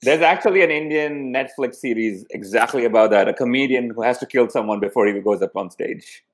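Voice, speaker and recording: A man's voice: medium pitch, a little fast, rough recording. Easygoing male co-host. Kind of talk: casual podcast chat.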